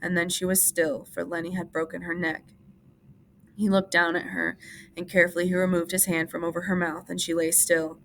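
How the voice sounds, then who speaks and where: A woman teacher reads a novel aloud in a steady, measured way. Her voice sits low and carries a gravelly fry, and a faint hiss lies under it. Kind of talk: audiobook-style reading for class.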